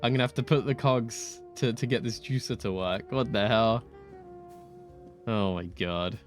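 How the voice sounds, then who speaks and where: A man giving chatty, excitable gameplay commentary as a streamer, full of quick asides. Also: lowish voice, soft background music. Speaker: gaming streamer.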